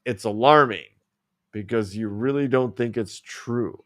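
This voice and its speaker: A man's voice: mid-range voice, unhurried, a bit bright. Man wryly reading the news aloud. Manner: wry, reads news items with side remarks. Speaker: podcast co-host.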